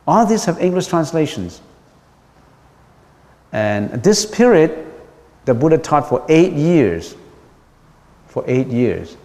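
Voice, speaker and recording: A man's voice: medium pitch, vocal fry, darkish tone. A man, a Buddhist monk, giving a dharma lecture in a patient way, repeating key points with frequent ums. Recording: long hall reverb.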